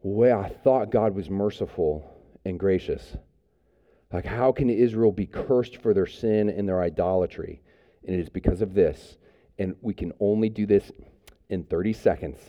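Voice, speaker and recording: A man's voice: low-pitched, normal speed, muffled recording. A man preaching a sermon as pastor, speaking in a conversational way with frequent fillers and restarts.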